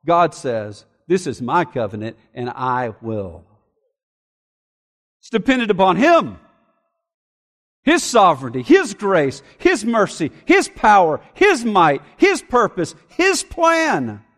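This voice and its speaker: A pastor preaching a sermon with an emphatic, repetitive cadence, reading scripture aloud and expounding on it. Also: male voice, high voice. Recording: long hall reverb.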